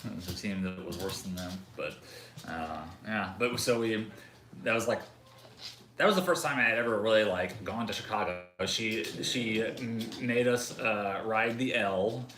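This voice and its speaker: A man chatting casually at home, rambling with fillers and softly baby-talking to the dogs. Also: fairly low pitch, normal speed, echoey room, a little hiss or hum. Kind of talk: casual chat.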